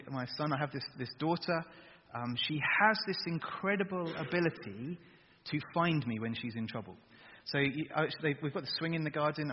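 A man preaching a sermon, asking his listeners direct questions in a lively way. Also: mid-range voice, breathy edge. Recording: dull recording with long hall reverb.

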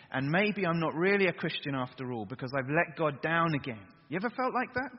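A man preaching a lively sermon to young people, getting them to chant along. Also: on the high side, husky. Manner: energetic, gets the crowd to chant along. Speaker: youth preacher. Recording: dull echoey hall recording.

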